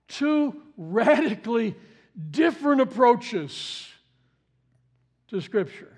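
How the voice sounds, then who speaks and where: A man's voice: high-pitched, expressive, slow pace, darkish tone. A man preaching a sermon, stressing and repeating key phrases for effect. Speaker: pastor.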